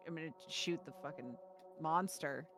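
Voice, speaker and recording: A woman's voice: sits low, normal speed, music in the background. A woman playing a tabletop game, thinking aloud about her character's moves. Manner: thinking aloud, hesitant with restarts. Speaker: player. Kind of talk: tabletop role-play.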